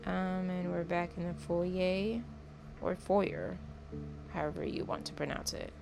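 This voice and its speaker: A woman's voice: on the low side, steady tone, a little fast, vocal fry, over music. A woman casually narrating her own gameplay at home, rambling and chatty, often correcting herself.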